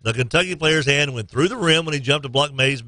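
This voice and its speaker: A man hosting a casual sports talk radio show, excitable, reading listener texts and jumping into high shouted impressions. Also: brisk.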